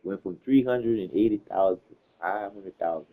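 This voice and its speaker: A man's voice: low-pitched, normal speed. A man chatting casually, telling stories in a loose, slangy way, with plenty of cursing. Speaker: host. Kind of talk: casual chat. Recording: tinny phone-like sound.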